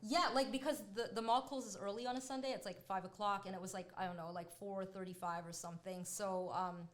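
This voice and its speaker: A woman's voice: medium pitch, fairly quick. Chatty woman telling a story. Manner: chatty, animated, many "like" fillers. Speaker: co-host. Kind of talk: casual podcast storytelling. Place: restaurant.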